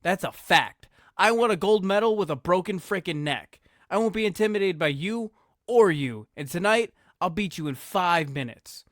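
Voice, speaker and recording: A man's voice: high-pitched, expressive, normal speed, fairly bright tone, dry recording, studio quality. A man voicing a proud, indignant male wrestler who boasts emphatically. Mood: boastful.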